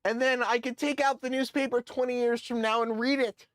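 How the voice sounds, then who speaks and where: A man with a notably high voice talks loosely on a live stream, reading a letter aloud with frequent fillers and jokey, self-deprecating asides. The sound is dry and close, with no room around it. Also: level tone, fairly quick, a bit bright, no echo. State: voice cracking. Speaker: model railroad streamer.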